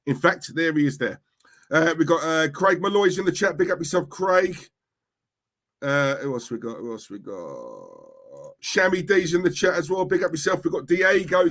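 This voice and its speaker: A man hosting a casual live stream, chatting and shouting out viewers by name. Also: high voice.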